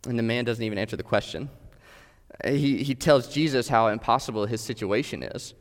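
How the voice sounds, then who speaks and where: A man's voice: mid-range voice, a little fast. Earnest male preacher in reverberant hall. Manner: earnest, direct questions to listeners. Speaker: pastor. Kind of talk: sermon.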